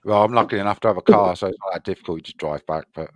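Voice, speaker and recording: A man's voice: deep voice, very fast, dry recording. A man in a casual chat, laid-back, swearing casually and laughing along.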